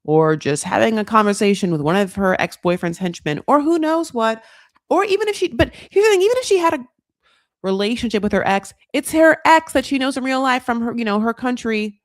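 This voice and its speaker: A woman hosting a comedic reality TV recap, sarcastic and animated, swearing freely. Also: a little high, brisk, dry recording, studio quality. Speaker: host.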